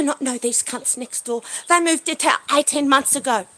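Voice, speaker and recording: A high-pitched woman films herself on a handheld phone outdoors in her backyard. She rants and swears, swinging from loud, furious outbursts down to low, muttered asides. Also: normal speed, few pauses. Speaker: livestreamer. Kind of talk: agitated livestream rant.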